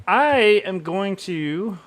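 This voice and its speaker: Middle-aged male streamer, fairly high voice for a man, rambling and chatty. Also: expressive, very slow. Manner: rambling, chatty, laughs often. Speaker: livestream host. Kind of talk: casual chat.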